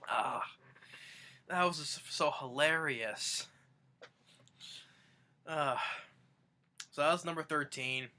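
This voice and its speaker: Young male fan vlogger, casual rambling retelling, slightly high bright voice. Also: takes it slowly, long pauses. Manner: rambling, restarts sentences often.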